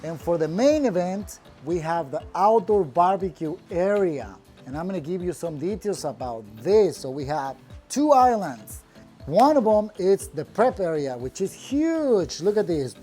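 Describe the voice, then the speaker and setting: Man, contractor type, plainspoken and upbeat, recorded outdoors with soft music underneath. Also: high voice, sing-song, a little slow. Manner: upbeat, plainspoken, proud of the work. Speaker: landscaping contractor. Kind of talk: casual project walkthrough. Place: outdoors in a backyard patio.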